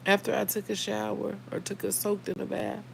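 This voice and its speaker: A woman's voice: mid-range voice, little pitch movement, brisk, gravelly, slight background noise, low-quality recording. A middle-aged woman, hosting a casual livestream, heartfelt and emotional, talking straight to her viewers by name. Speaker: livestream host.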